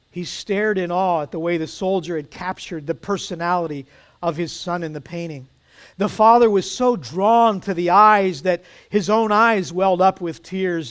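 A man preaching a sermon, telling a story with dramatic pauses and soft emphasis. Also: high-pitched, clear, resonant tone.

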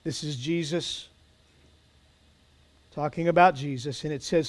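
High-voiced preacher telling a story. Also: male voice, steady tone, unhurried, long pauses. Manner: dramatic, dropping to soft emphasis. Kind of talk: sermon storytelling.

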